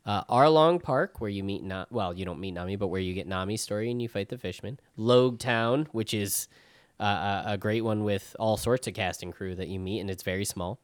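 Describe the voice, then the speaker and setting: A man co-hosting a casual podcast chat, animated and swearing freely, with lots of restarts. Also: on the low side, fairly quick, smooth, no echo, clean studio sound. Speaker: podcast co-host. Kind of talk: casual chat about anime.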